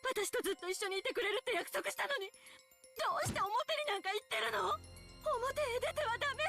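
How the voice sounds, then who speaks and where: A woman's voice: very high voice, expressive, very fast, gravelly, loud music behind the voice, exaggerated voice. An actress voicing a frightened, feverish woman in a visual novel, pleading and sobbing in panic. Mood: panicked. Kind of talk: Japanese visual novel voice acting. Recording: game soundtrack under voice.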